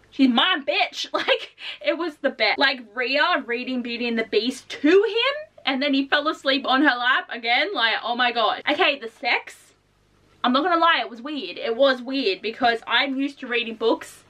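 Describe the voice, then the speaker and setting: Young female book vlogger, high bright voice, excitable, swears casually, slightly distant mic. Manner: gushing, swears casually, acts out characters in squeaky voices. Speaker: book reviewer. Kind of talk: casual book review vlog.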